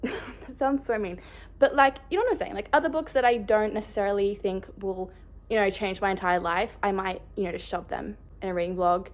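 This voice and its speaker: A woman vlogging in a casual, rambling way, bubbly and excitable. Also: medium pitch, a little fast. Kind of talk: casual chat.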